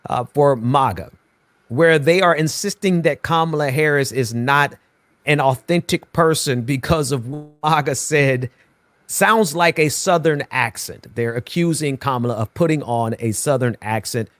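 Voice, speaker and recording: Man, political commentator, measured, emphatic, dry close sound. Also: a little high, fairly bright tone, no room sound. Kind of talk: show commentary.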